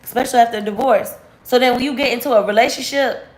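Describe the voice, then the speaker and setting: A woman's voice: on the high side, quick pace. Candid woman venting in an echoey room. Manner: candid, animated, slangy, rising sharply when venting. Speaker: vlogger. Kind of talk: casual storytime chat to camera.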